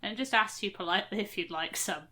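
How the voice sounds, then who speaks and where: A woman's voice: mid-range voice, fast talker, bright, forceful tone. A woman who is a player on a tabletop game podcast, explaining things in friendly, enthusiastic casual chat.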